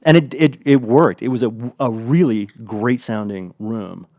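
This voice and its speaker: A man's voice: mid-range voice, lively intonation, measured pace, a little mellow, no echo, clean studio sound. A man co-hosting a podcast in casual chat, blunt and enthusiastic, with frequent fillers and restarts. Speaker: podcast co-host.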